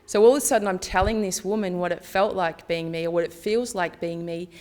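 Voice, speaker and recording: Speaking briskly in a lowish, somewhat dark voice with a steady tone, a woman presents at a conference. Her talk is candid and chatty, built on personal stories where she voices the dialogue herself.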